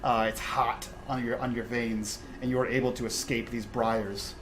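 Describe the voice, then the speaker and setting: Against some background noise, a dungeon master with a mid-range voice describes the scenes of a tabletop role-playing game at a moderate pace and level tone. His narration is full of restarts, fillers like "uh," and repeated words.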